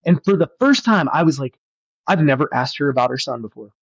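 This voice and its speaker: A man's voice: fairly high pitch, expressive, fairly quick, creaky, no room sound. A man who is a pastor, earnestly telling a personal story as a podcast guest, often restarting his sentences. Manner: earnest, reflective, many restarts. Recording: dull, slightly lo-fi, dry sound.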